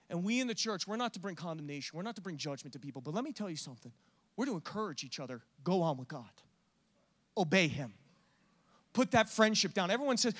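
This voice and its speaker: A man preaching a sermon with passion, swinging from loud urging to hushed, intimate talk. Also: a little high.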